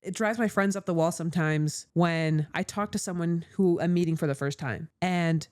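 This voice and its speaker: A woman's voice: on the low side, moderate pace. Young woman telling stories on a podcast. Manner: animated storyteller, self-mocking. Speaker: podcast co-host. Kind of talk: casual podcast chat.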